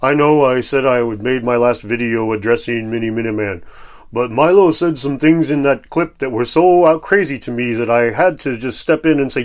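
A man's voice: medium pitch, moderate pace. A man hosting his own commentary video in a casual, conversational and self-deprecating way. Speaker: YouTube host.

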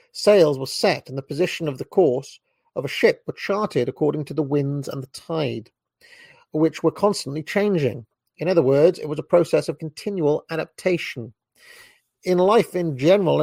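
A British man reading a book aloud in a measured way, now and then stumbling and correcting himself, with short asides of his own. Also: a little high, vocal fry, darkish tone, no echo. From Britain. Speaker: reader.

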